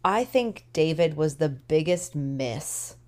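A woman co-hosting a podcast, recapping a TV episode in a casual, animated way with emphatic opinions; she is tired. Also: deep voice, takes it slowly. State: tired, yawning. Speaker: podcast co-host.

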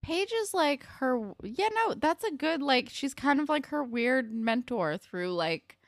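A young woman co-hosting a casual recap podcast, animated and peppered with "like" and swearing. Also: high voice, a little slow, no echo, studio quality. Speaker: podcast co-host.

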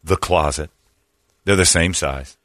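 This radio host's deep voice has a fairly bright tone and a measured pace. Hosting a talk show, he tells a comic story in a rambling way, breaking into his own sentences and laughing at what he says. The sound is studio quality, with no room sound.

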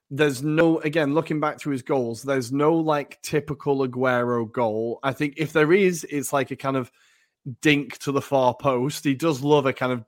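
A man's voice: mid-range voice, dry recording. Male podcast co-host, casual football talk, dry close sound, hedgy and chatty. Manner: chatty, hedging with fillers and frequent laughs.

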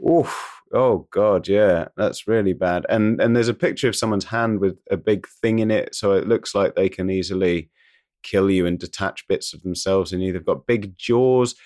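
A man hosts a podcast with an easygoing manner. His voice sits slightly low. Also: normal speed, darkish tone. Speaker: podcast host. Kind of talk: casual chat.

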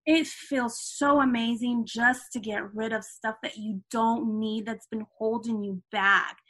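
A middle-aged woman chats openly as a guest on an interview show. Her voice sits a little high, and she keeps dropping "you know" between thoughts. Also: fairly even intonation, measured pace, fairly bright tone. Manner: chatty, frequent "you know" asides. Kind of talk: casual interview chat.

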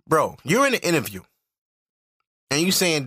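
High, bright-voiced man ranting. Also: very animated, normal speed, pauses often, no room sound, studio quality. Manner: loud, profane, incredulous ranting. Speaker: podcast host. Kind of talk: ranting solo podcast commentary.

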